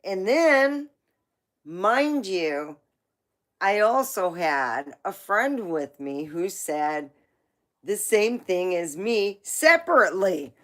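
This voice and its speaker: A woman's voice: mid-range voice, very animated, takes it slowly, fairly bright tone. A woman hosting a livestream, telling rambling family stories in a casual way, laughing often and swearing now and then. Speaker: livestream host. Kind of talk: casual storytelling.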